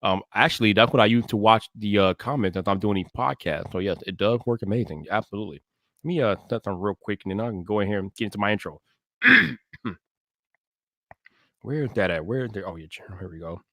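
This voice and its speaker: A man hosting a tech podcast live, chatting casually with viewers and greeting them by name, then hyping his intro with shouted energy. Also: lowish voice, a little fast, dry recording, studio quality.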